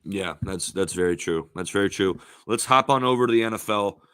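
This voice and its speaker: A man's voice: low voice, fairly quick, clear, resonant tone, no room sound. Brash young man, dry close sound. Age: young adult. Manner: loud, swearing, teasing. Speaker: podcast co-host. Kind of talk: casual sports betting chat.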